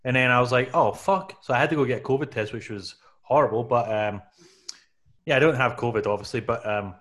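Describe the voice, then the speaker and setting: A man's voice: medium pitch, fast talker, fairly bright tone. A man from Canada co-hosting a podcast, talking in a rambling way full of fillers and restarts. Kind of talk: casual chat.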